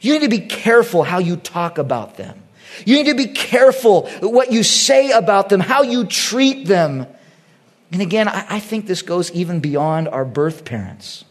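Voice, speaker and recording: A middle-aged man preaching a sermon as pastor, swinging between loud bursts and hushed, quiet asides. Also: sits high, big pitch swings, moderate pace.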